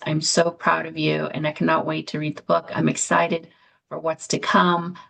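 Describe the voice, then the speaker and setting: A woman's voice: sits low, vocal fry, poor audio. A woman moderating an online book launch over a video call, reading comments aloud with many fillers. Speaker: event moderator.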